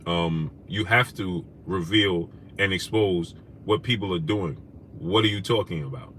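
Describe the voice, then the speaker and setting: Slight background noise sits under this low, measured male voice as he runs a live stream and works through the chat. He names the viewers he greets, then argues with their comments, building to loud questions full of indignation.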